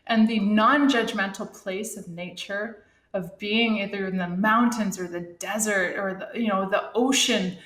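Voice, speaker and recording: A woman's voice: mid-range voice, fairly even intonation, unhurried, a bit bright, echoey room. A middle-aged woman speaking as an interview guest, earnest and heartfelt, talking reflectively with restarts. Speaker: guest, Olympic athlete and thru-hiker. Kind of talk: reflective casual interview talk.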